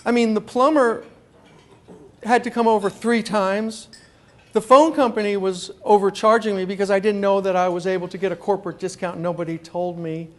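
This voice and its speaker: A man with a rather high voice tells a story to a live audience. He is animated and acts out the other people's lines. He often repeats words as he starts a sentence. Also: moderate pace. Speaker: consumer columnist giving a talk. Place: meeting room before a live audience.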